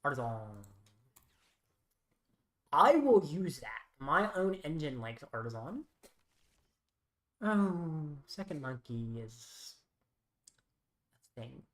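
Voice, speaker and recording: A woman streaming a card game who mutters her plays aloud in a wry, thinking-out-loud manner. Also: sits low, very animated, slow, pauses often. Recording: roomy echo.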